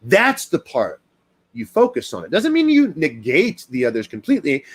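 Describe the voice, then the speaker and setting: A man hosting a casual live stream as a dog trainer, talking to viewers in an animated, fired-up way with plenty of fillers. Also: on the high side, moderate pace, husky.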